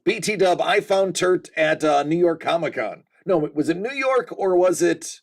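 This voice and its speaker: Easygoing American streamer guy, bantering with chat, high and bouncy voice. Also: lively intonation, moderate pace. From United States. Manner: chatty and joking, addressing viewers by name. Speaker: livestream host. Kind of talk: casual livestream chat.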